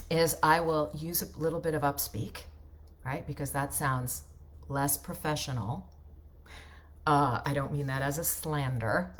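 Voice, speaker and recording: A woman voiceover coach teaching in a casual, chatty way, often ending points with a quick "right?". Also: deep voice. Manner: chatty, ends points with tag questions; loose, unpolished delivery with restarts.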